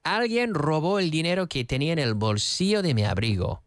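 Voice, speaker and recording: Animated male teacher, lively pitch. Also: fast talker, no echo, studio quality. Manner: animated, playful, switches between English and Spanish. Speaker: English teacher. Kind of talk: lively TV English lesson.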